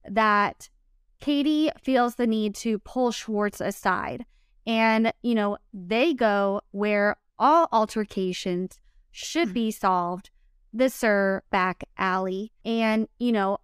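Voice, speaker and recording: A woman with a smooth, clear voice at a middle pitch, co-hosting a podcast. She talks outspokenly and emphatically, cursing freely. The recording is dry and close. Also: dry recording. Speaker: podcast co-host. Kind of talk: casual recap chat.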